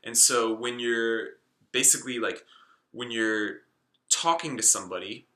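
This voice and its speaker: A man's voice: medium pitch, measured pace, pushed and bright, reverberant. A man in his late twenties explaining a self-help topic in a casual, rambling way, full of fillers and restarts. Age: 20s. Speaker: self-help video host.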